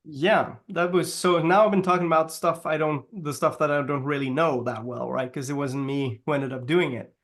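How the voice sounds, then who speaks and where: Man, fairly high voice, casual interview, rambling, many fillers, laughs often. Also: fairly even intonation, normal speed, hardly any pauses, a bit bright. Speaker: guest, language consultant.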